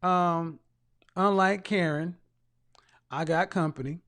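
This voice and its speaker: A man's voice: sits high, fairly even intonation, slow. A man hosting a casual livestream, reading out viewer comments in a mocking, teasing way. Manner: bursts of loud laughter. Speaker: live show host reading viewer comments.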